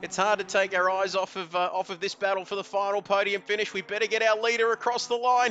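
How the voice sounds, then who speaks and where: A man giving excitable live commentary on a sim race, with frequent "uh" fillers. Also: high voice, quick pace, hardly any pauses. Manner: excitable, hesitant fillers, building to shouts at the finish.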